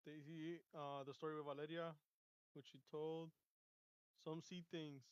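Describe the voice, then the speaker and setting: A man's voice: on the high side, level tone, measured pace, clear, resonant tone, no room sound, muffled recording. A man co-hosting a casual podcast, reading out comments and reacting with short, laid-back slang. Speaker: podcast co-host.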